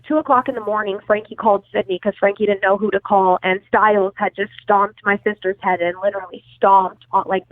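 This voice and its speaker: A woman's voice: mid-range voice, dry recording. A woman telling a long story as an interview guest, casual and profane, full of fillers and self-corrections. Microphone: phone call. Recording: tinny dry phone line.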